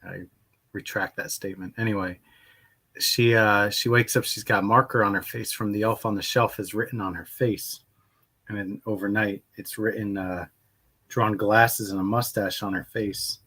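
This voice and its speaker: A man's voice: on the low side, fairly even intonation, a little slow, bright, forceful tone, slightly rough. A man hosting a casual painting livestream, chatting in a rambling way and greeting viewers by name. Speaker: livestream host painting miniatures.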